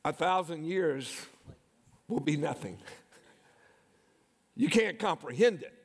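A middle-aged man, a pastor preaching a sermon, telling personal stories and calling out to the congregation. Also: on the high side. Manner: storytelling, calls "come on, somebody". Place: church sanctuary. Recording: long hall reverb.

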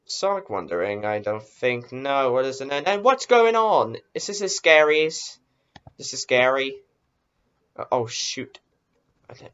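A man's voice: medium pitch, a bit bright. A man hosting a casual reaction video, easily startled and exclaiming, talking himself into being brave. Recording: dull lo-fi recording.

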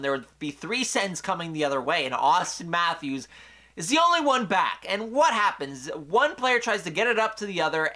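A young man recapping a hockey game on his own channel, talking in an animated way that swings from excited outbursts to quiet asides. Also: high-pitched. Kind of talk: solo game recap commentary.

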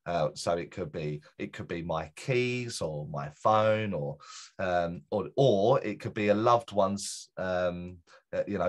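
A middle-aged man, a guest medium, telling a personal story in a rambling way, full of fillers and restarts. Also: low-pitched. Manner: rambling, self-correcting, many fillers. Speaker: guest, spiritual medium and teacher. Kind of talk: casual storytelling in an interview.

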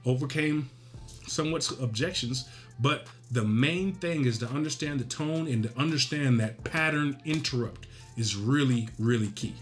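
A man's voice: medium pitch, normal speed, soft background music. Direct, emphatic male sales coach. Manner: direct, emphatic, frequent "right?" tag questions. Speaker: real estate coaching host. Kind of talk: casual instructional talk.

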